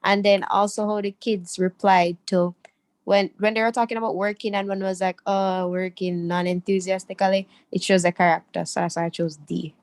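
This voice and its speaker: A woman's voice: medium pitch, level tone, fairly quick. A young woman student explaining her answer in class, thoughtful, with some fillers.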